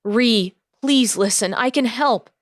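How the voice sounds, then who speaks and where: A woman's voice: fairly high pitch, takes it slowly, no room sound, clean studio sound, voice pushed up. A woman voicing a remorseful young pirate who pleads earnestly with his estranged sister. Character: penitent young man, estranged pirate brother.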